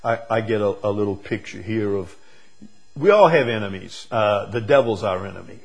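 Husky man preaching with rising emphasis. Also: fairly low pitch, animated, faint music behind. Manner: swings from soft, slow reflection to loud emphatic peaks. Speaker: pastor. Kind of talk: sermon.

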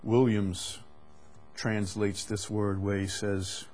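A man teaching the Bible in a conversational way, deliberate, often repeating words with frequent fillers. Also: lowish voice, fairly even intonation, darkish tone, faint music behind.

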